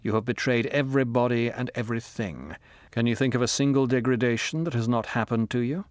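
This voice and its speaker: A man's voice: medium pitch, fairly quick, no room sound, clean studio sound, close to an everyday voice. A man voicing a cold, menacing middle-aged male interrogator in an audiobook, with a harsh, commanding, contemptuous manner. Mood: cold, calm. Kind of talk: audiobook character reading.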